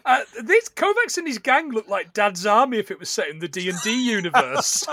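Male co-host, high, bright, lively tone, giggly. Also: a little fast, no room sound, clean studio sound. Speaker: podcast co-host. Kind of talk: casual film-recap chat.

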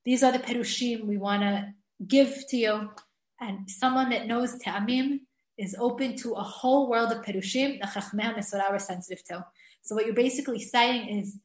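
A woman's voice: fairly high pitch, moderate pace, roomy sound. A woman teaching an online class, chatty and enthusiastic, often laughing and restarting her sentences. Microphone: video call.

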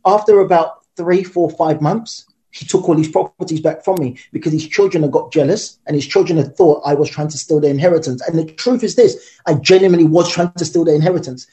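A man telling a personal story in an interview, fast and animated. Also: fairly high pitch. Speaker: guest.

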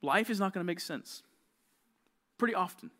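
A young youth pastor preaches to teenagers in a casual, conversational way. He tells stories with lively energy and acts out the characters' lines. His voice sits a little on the high side. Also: moderate pace. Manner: conversational, animated storytelling with quoted voices. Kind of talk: youth sermon.

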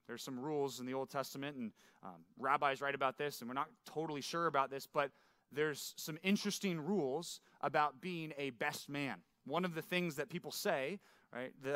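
A middle-aged male pastor with a bright, forceful voice and a slightly higher pitch, teaching scripture in a loose, conversational way. He keeps checking in with his listeners and tags his points with "right?" The recording is dry and close, with little room sound. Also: no echo. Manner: asks the listeners questions, often tags lines with "right?". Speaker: pastor teaching a men's Bible study.

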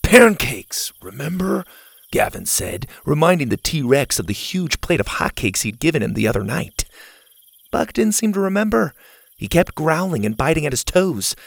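A man narrating a children's adventure story in a lively storytelling manner. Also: on the high side, moderate pace, vocal fry.

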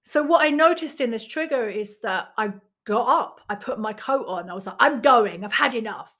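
A woman's voice: fairly high pitch, animated, moderate pace, a bit bright. A woman, a teacher of emotional skills, talking frankly and reflectively about her own experiences and swearing casually. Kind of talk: candid personal monologue.

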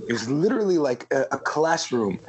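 Fields: Sex: man. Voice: husky, high-ish. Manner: rambling. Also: big pitch swings, fairly quick, poor audio. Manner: rambling, filler-heavy, swears freely. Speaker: podcast panelist. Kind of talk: casual podcast chat.

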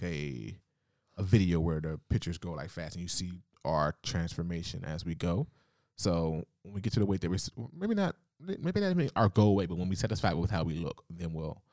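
A man's voice: low-pitched, dark tone, dry recording, clean studio sound. A young adult man co-hosting a podcast in casual chat, laughing often and teasing playfully. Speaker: podcast co-host.

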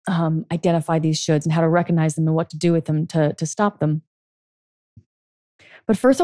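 Low-voiced woman coaching on a podcast. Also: dark tone, no room sound, studio quality. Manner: earnest, coaching tone, frequent "okay?" check-ins. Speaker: podcast host and life coach. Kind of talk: solo podcast monologue.

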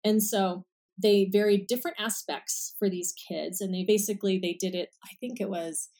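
A woman's voice: mid-range voice, fairly even intonation, normal speed, dark tone. A woman speech-language pathologist explaining treatment methods on a podcast in a casual, step-by-step way, giving everyday examples.

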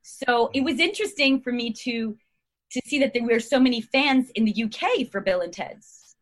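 Guest actress, woman in her 50s, slightly high, rambling and giggly. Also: moderate pace. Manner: rambling, chatty, laughs often. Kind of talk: casual chat.

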